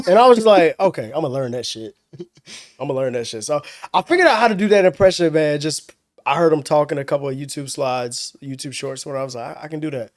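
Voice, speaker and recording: A young man chatting as a podcast guest, slightly high-pitched and full of easygoing slang. His storytelling rambles along casually, recorded close and dry with no room sound. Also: expressive, fast, dry recording. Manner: laid-back slang-heavy storytelling, laughs often. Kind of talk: casual chat.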